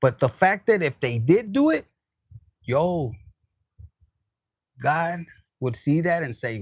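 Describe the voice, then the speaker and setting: Tarot reader, male, somewhat high, husky, dry close sound, casual and profane. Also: big pitch swings, slow, pauses often, dry recording, low-quality recording. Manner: casual, profane, mixes in Spanish words. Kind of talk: spiritual reading monologue.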